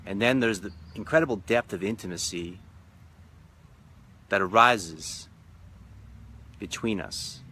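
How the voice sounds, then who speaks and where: A man's voice: on the low side, slow, long pauses, sharp tone, husky. A man who leads spiritual retreats, giving a reflective live-stream talk with repetitive, emphatic, rhythmic phrasing. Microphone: phone or webcam live stream.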